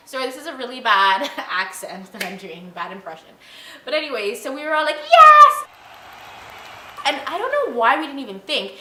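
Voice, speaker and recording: A young woman in a casual vlog, telling a travel story in an animated, chatty way, full of "like" and "you know". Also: high-pitched. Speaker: travel vlogger. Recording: echoey room.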